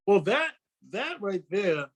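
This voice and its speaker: Animated man telling comedy stories. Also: high-pitched, slow pace. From New York. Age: 40s. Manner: animated storyteller, slips into quoted voices. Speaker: guest comedian. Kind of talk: casual interview chat.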